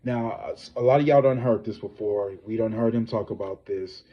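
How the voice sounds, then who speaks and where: Profane, animated male gossip streamer. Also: on the low side, normal speed, husky, lo-fi sound. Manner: profane, animated, talks straight to viewers. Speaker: psychic tarot reader and gossip host. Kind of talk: casual celebrity gossip livestream.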